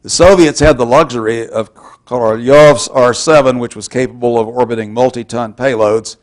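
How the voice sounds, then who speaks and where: A man from Texas giving a public university lecture in a measured, wry, explanatory way. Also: mid-range voice, fairly even intonation.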